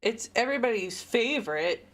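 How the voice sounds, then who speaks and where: A woman's voice: a little high, expressive, moderate pace, a bit bright. A woman co-hosting a game stream, chatting casually and telling stories with frequent giggles. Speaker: gaming streamer co-host. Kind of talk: casual chat while playing a game.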